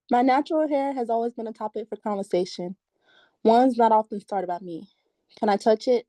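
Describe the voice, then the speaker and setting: A woman performing spoken word poetry at an open mic over a video call, giggly when chatting and measured when reciting. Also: fairly high pitch, dark tone, dry recording.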